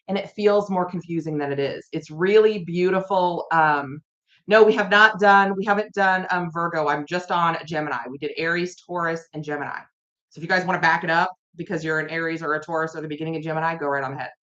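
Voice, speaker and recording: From her home, a woman hosts a casual tarot reading live stream, talking fairly quickly in a low, steady, slightly bright voice. She rambles, repeats herself, and addresses viewers in chat. The audio is dull and lo-fi.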